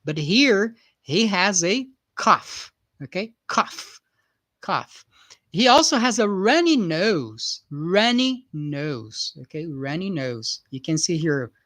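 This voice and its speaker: A man's voice: on the high side, a bit bright. A man teaching a live online English class, patiently repeating words and checking in with "right?" again and again.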